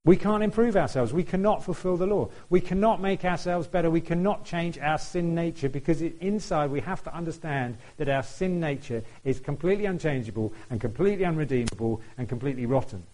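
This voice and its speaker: A man's voice: fairly high pitch, fairly quick, hardly any pauses, dark tone, rough recording. A man preaching a sermon in a conversational way, putting questions to the congregation and laughing now and then.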